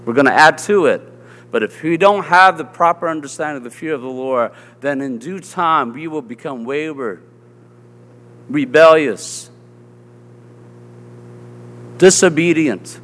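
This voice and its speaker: Korean-American pastor with a Southern accent. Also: male voice, a little high, a little slow, long pauses, fairly bright tone, big-room sound. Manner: earnest, conversational preaching with frequent "Okay?" check-ins. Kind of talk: sermon.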